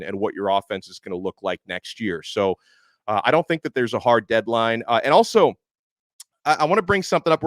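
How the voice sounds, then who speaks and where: A man's voice: medium pitch, a bit bright, dry recording. Man, sports talk host, casual rambling commentary, dry recording. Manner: chatty, many asides and "you know"s; reads and answers viewer comments. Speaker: podcast host.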